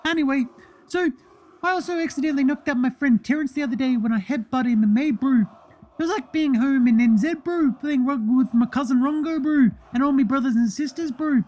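A man's voice: extremely high pitch, a little fast, darkish tone, pitched above the performer's own voice. A man impersonating a playful young male basketball star with a New Zealand accent, ending every sentence with "eh, bro". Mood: cheeky. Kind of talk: comedic impression monologue.

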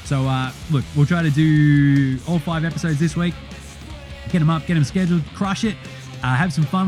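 A man's voice: a little high, a little mellow. A man hosting a podcast, laid-back and slangy, swearing casually as he wraps up the show. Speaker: podcast host.

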